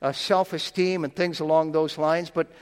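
A man preaching a sermon in a folksy, plain-spoken way, stumbling over repeated words and slowing down to read scripture. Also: a little high, fairly even intonation, clean tone, in a large hall.

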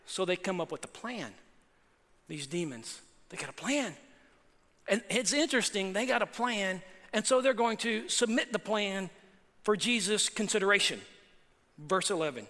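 A man's voice: sits high, very animated, normal speed, bright, forceful tone. A man preaching a sermon as pastor, emphatic, with rhetorical questions and asides to the congregation. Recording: long hall reverb.

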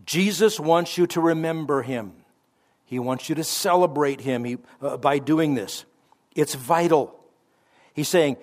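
A man teaching the Bible as a radio pastor, conversational with offhand asides and self-corrections, slowing down to stress the scripture he quotes. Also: a little high.

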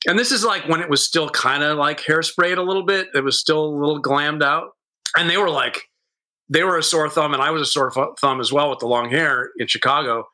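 Animated, swearing man in his fifties with a bright voice. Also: on the high side, brisk, rough recording. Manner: animated, swears freely, acts out quotes. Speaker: guest, bar owner. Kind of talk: casual storytelling chat.

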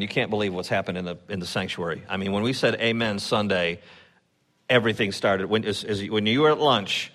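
Man preaching a chatty sermon. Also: mid-range voice. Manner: conversational storytelling with animated quoted voices. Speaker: pastor. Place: church sanctuary.

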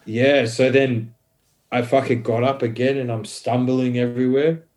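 A man sits in as a podcast guest and tells a story in loose, casual talk. His voice sits at an ordinary middle pitch. He swears constantly, rambles, and keeps dropping in fillers as he goes. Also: normal speed. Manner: swears heavily, rambling and animated; many fillers like "um" and "bro".

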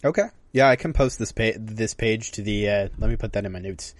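Chatting casually as a podcast co-host, a young man spins rambling stories, often breaking off to restart his sentences. He speaks fairly quickly in a lowish voice, and the recording is dry.

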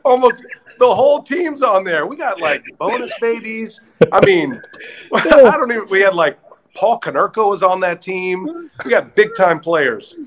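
A man chatting casually as a guest, telling animated stories with laughter and acting out quotes in a raised voice. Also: sits high, a little slow, low-quality recording. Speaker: guest, former baseball broadcaster. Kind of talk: casual storytelling chat.

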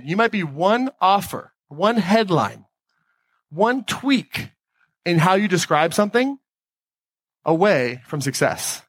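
Emphatic motivational speaker on stage. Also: male voice, sits high, fairly bright tone, no echo. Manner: emphatic, repeats key phrases, asks the audience questions. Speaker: podcast host giving a talk on stage. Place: stage before a live audience.

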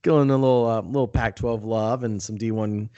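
A man in his thirties hosting a casual podcast, upbeat and full of "uh" fillers and shout-outs. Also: fairly low pitch, steady tone, normal speed, clear, resonant tone, lo-fi sound. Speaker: podcast host.

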